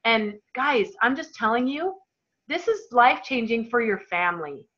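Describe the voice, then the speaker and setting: A woman's voice: a little high, animated, normal speed, fairly bright tone. A woman in her thirties leading a team call, giving an emphatic, emotional motivational talk. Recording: dull lo-fi call audio.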